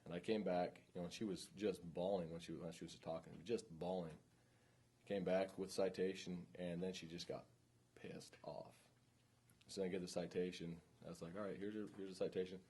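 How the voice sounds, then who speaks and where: Low, husky-voiced man lecturing trainees. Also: level tone, moderate pace, dark tone. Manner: informal, checks in often with "okay?" and "right?". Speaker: police training instructor. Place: classroom.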